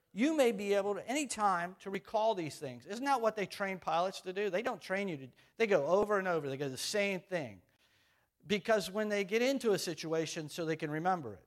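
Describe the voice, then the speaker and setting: A middle-aged man preaching a conversational sermon as pastor, repeating phrases and putting questions to the congregation. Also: fairly high pitch.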